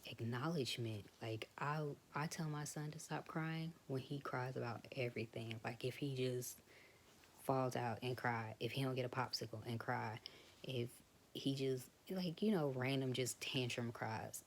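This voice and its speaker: Young woman vlogger, frank casual talk, faint hiss behind her. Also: very deep voice. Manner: frank, conversational, drifts into soft whispers. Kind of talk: casual personal talk to camera.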